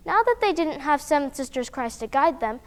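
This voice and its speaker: A woman reads a children's picture book aloud in a high, bouncing voice. She is animated and expressive, throwing in playful sound effects as the story moves. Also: fairly quick.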